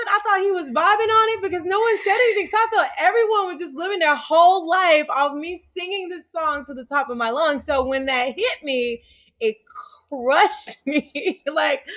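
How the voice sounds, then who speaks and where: A woman guest in an interview, telling a personal story in a casual way and laughing often as she talks. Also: sits high. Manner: animated, laughs while telling stories. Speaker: interview guest, yoga teacher.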